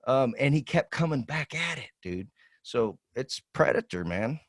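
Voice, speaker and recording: A podcast co-host in his forties, speaking at a measured pace in a medium-pitched voice, tells a long, rambling, profane story in casual chat, animating the voices he quotes. The studio-quality audio has no echo.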